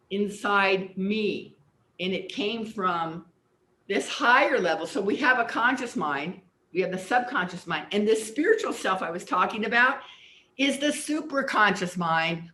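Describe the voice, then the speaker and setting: A woman's voice: mid-range voice, lively intonation, unhurried, sharp tone. Older woman telling stories, roomy echo. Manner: earnest, repeats words while recalling. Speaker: guest, personal development teacher. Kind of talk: explanatory storytelling in an interview.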